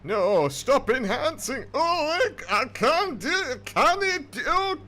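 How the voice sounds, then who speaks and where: A man's voice: extremely high pitch, sing-song, slow, sharp tone, voice pushed up, heavily acted. A man putting on an exasperated northern English man in a theatrical, over-the-top way. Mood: panicked. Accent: northern English, put on.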